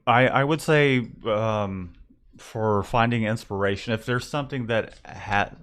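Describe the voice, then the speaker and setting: Young male co-host with a low voice, halting casual delivery. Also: fairly bright tone. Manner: hesitant, repeats words when starting. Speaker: co-host of a live business show. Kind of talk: casual live-stream chat.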